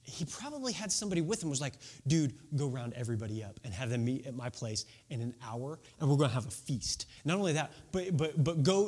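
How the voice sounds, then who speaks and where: A man's voice: a little high, pitched below the performer's own voice. A man voicing a wealthy male tax collector, eagerly ordering a servant to round everyone up for a feast.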